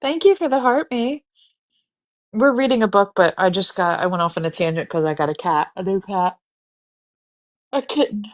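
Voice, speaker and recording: A woman's voice: fairly low pitch, expressive, a little fast. A woman hosting a live stream in casual chat, yawning and rambling, candid and free with swearing. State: sleepy, yawning. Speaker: livestream host.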